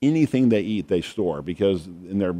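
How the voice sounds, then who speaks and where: A man with a fairly low voice is chatting casually. He co-hosts a talk show and tells stories with deadpan humor and quick asides. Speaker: podcast co-host, doctor. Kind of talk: casual chat, storytelling.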